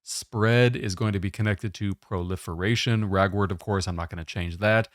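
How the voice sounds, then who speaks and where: A man giving a test-prep lesson, explaining question types in a steady, methodical way. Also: lowish voice, normal speed, no room sound, clean studio sound.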